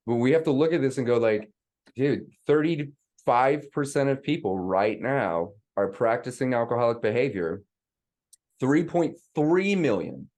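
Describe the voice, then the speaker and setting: Guy in his 30s hosting a podcast, super animated voice that swoops around, pumped and eager. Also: mid-range voice. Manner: enthusiastic, eager affirmations, animated delivery. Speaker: podcast host. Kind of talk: casual interview chat.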